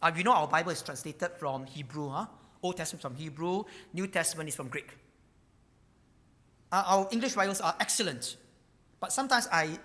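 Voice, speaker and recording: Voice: mid-range voice, sharp tone, big-room sound. A pastor preaching a sermon, emphatic and repetitive, stumbling over words with frequent fillers. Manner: emphatic, repeats key words.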